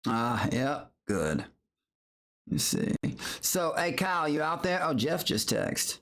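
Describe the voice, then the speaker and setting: Gravelly-voiced boastful male streamer. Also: a little high, big pitch swings, slow, fairly bright tone. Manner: boastful, taunting, talks to chat. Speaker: livestreamer. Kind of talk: casual livestream chat.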